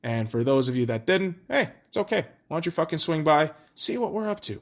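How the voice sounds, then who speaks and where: A man's voice: a little high, sing-song, fairly quick, few pauses. A man hosting his own podcast alone, talking in a profane, rambling, self-deprecating way. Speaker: podcast host. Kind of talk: casual solo podcast monologue.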